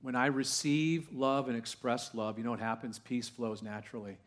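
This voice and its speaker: Speaking at a moderate pace with medium pitch and fairly even intonation, a pastor preaches to a live congregation in church. His sermon is conversational and packed with questions, moving from hushed asides to loud, rising exclamations.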